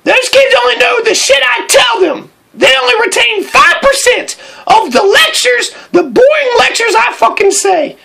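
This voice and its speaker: A woman playing a profane, abusive teacher who rants and shouts about bullying her students. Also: very high-pitched, expressive, a little slow, gravelly, few pauses, full character voice. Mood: ranting. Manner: shouting, profane, mocking rant.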